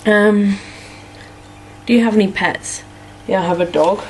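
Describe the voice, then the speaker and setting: In a casual vlog chat, a young woman from Norfolk, England, works through follower questions, rambling and leaning on "like" and "um." She has an English accent and a mid-range, slightly mellow voice with fairly even intonation and a slightly slow delivery. The low-quality recording has slight background noise.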